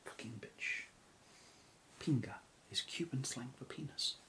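A man's voice: mid-range voice, unhurried, pushed and bright, slight background noise. A man whispering in a playful, amused way for ASMR, close on an ear-to-ear mic. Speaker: ASMR creator. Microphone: binaural ear-to-ear mic.

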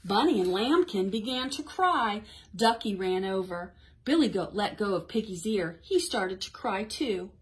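A woman's voice: medium pitch, animated, measured pace. A woman librarian leading a toddler storytime, encouraging and sing-song, reading a picture book aloud. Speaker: children's librarian.

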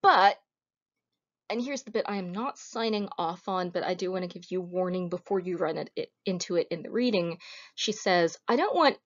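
A woman's voice: on the low side, normal speed. A woman giving a recorded history lecture in a casual, conversational way, with wry asides. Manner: informal, wry asides, retells scenes with acted quotes. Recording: slightly dull lo-fi audio.

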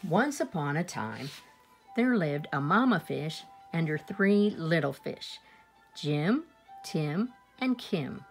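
A woman reading a children's picture book aloud at an unhurried pace, with small asides to her listeners. Her voice sits low with a gravelly fry, and her pitch moves a lot as she tells the story. Faint music plays underneath. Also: big pitch swings.

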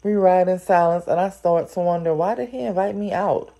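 A woman with a low, gravelly voice reads a story aloud at an unhurried pace. Her tone is dark and mellow, and she stops now and then to exclaim over what she is reading. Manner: reads steadily, then breaks in with animated, exclaiming asides. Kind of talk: story reading with chatty reactions.

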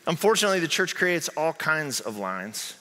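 This male pastor from southern Indiana preaches a conversational sermon in a church sanctuary at a moderate pace, his fairly high, sharp voice swinging widely in pitch. He regularly asks "right?", and the recording has the echo of the sanctuary hall.

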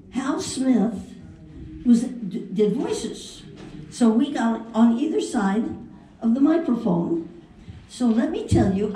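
On a fan convention panel in a large hall, an older voice actress tells playful, theatrical anecdotes to the audience in a slightly high voice with a dark tone. The mic is far off, so the sound is echoey with faint noise.

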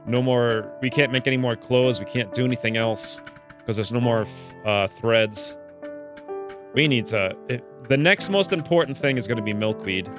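A man chatting casually while playing a video game, excitable and chatty, his voice jumping up high when something delights him, with a slightly stuffy nose. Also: normal speed, music in the background. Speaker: let's play gamer. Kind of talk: casual gameplay commentary.

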